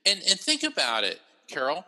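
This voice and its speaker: A man talking as an interview guest, telling a story in an animated way and often repeating words as he gets going. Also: fairly high pitch, moderate pace. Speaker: guest, psychic medium.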